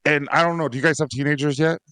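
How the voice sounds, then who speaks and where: A man's voice: fairly high pitch, fairly even intonation, very fast, bright, forceful tone, clean tone, no room sound, studio quality. A man who is a father of six, talking casually on a dads podcast, rambling and laughing often. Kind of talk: casual conversation.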